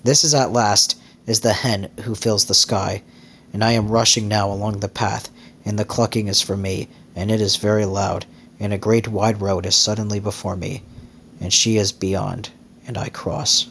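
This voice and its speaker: A man's voice: lowish voice, little pitch movement, moderate pace, a bit bright, a little hiss or hum. A man voicing a simple-minded young hen. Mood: awed. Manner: breathless run-on chant of small thoughts.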